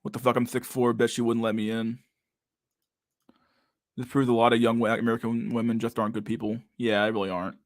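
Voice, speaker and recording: A man's voice: mid-range voice, level tone, a little fast, dry recording, studio quality. A man in his thirties hosting a casual live stream, reading viewer comments aloud in a loose, profane way and saying "dude" a lot. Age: 30s.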